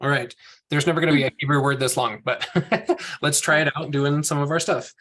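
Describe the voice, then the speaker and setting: A man's voice: fairly high pitch, fairly even intonation, brisk, a bit bright. A man teaching a class from slides, explaining each step patiently and thinking aloud as he works.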